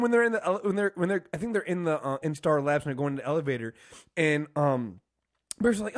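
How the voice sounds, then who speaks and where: A man co-hosting a casual TV review podcast, animated, acting out scenes and laughing often. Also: high voice, fast talker. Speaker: podcast co-host.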